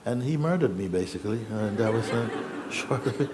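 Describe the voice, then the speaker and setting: A man giving a spiritual talk, telling a personal story in an unhurried, reflective way with soft laughs and hesitations. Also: mid-range voice, lively intonation, a little hiss or hum. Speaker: spiritual teacher. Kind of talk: satsang storytelling. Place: satsang gathering in Rishikesh.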